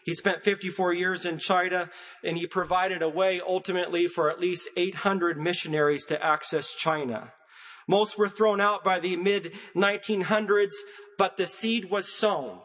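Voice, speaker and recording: A man preaching a sermon in a measured cadence, building his points through emphatic repetition. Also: high voice, steady tone, fairly bright tone, long reverb tail.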